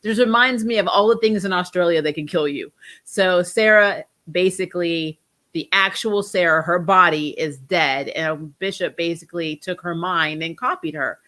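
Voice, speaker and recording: A woman's voice: on the low side, moderate pace, sharp tone. A young woman hosting a casual TV review chat, stuffed up from a cold and talking in a chatty, rambling way with ums and restarts. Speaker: host of a TV review channel.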